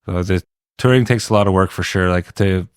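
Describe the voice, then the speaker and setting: Deep-voiced rambling musician from Quebec. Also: male voice, brisk, clear, resonant tone, no room sound, clean studio sound. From Quebec, Canada. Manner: rambling, full of "like" and restarts. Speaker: guest musician. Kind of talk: casual interview chat.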